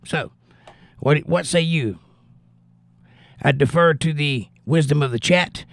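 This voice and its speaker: Man, live commentary host, blunt, conversational, gravelly tone, dry sound. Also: a little high, takes it slowly, a bit bright, dry recording. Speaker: livestream host reading chat. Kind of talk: casual political commentary.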